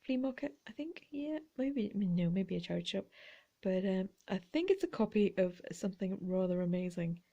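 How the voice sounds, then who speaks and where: A woman chatting gently as she shows her vintage jewellery finds. She talks quietly, often slipping into whispers, with playful asides. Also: mid-range voice, animated, moderate pace, creaky, highs cut off. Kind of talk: relaxed show-and-tell chat.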